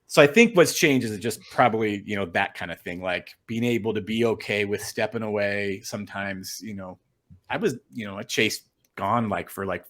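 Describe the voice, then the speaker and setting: In a lowish, fairly bright voice at a moderate pace, the middle-aged guest, a storm chaser and photographer on a casual podcast, rambles through his stories with lots of fillers and restarts. He is earnest and frank about his feelings.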